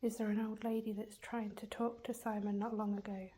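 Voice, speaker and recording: A woman hosting a ghost hunt, calling out to spirits in soft, half-whispered questions inside an abandoned care home. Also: mid-range voice, level tone, brisk. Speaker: paranormal investigator and host. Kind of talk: casual ghost-hunting chat with spoken voice-over.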